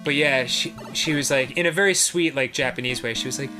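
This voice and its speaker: A man's voice: medium pitch, fairly quick, over music, poor audio. A man co-hosting a comedic chat, telling stories with swearing and bursts of mock outrage. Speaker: podcast co-host.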